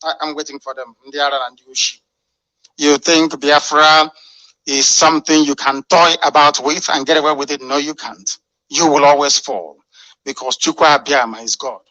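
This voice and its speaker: A man's voice: fairly high pitch, pushed and bright, no echo, rough recording. A man delivering a fiery, scornful radio address full of rhetorical questions. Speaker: radio broadcaster.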